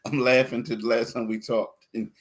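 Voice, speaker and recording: A man's voice: mid-range voice, flat delivery, moderate pace. A man co-hosting a sports podcast, talking in a loose, rambling way with repeated words and some laughter. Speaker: podcast co-host. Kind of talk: casual sports podcast talk.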